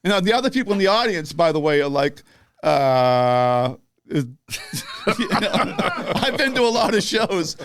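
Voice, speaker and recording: A man's voice: on the high side, sing-song, a little slow, clear, resonant tone. An older man from the northeastern US telling a story in casual chat, profane and laughing, acting out the people in it.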